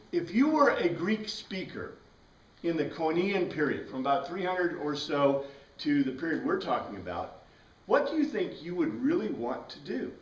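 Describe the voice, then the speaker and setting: A man's voice: a little high, far from the mic. Man teaching a class in an echoey room. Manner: conversational, asks the class questions, frequent "right?". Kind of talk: informal classroom lecture.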